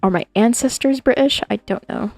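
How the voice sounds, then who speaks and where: A woman's voice: fairly high pitch, moderate pace, darkish tone, no echo, soft background music. A woman streaming as a digital artist, chatting casually and playfully with her viewers in a rambling way. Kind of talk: casual livestream chat with viewers.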